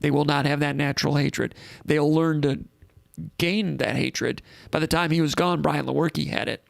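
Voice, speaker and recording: A man's voice: a little high, steady tone, normal speed, creaky, no room sound, studio quality. A man hosting a live call-in sports show in a casual, rambling way, reading out comments and thinking aloud.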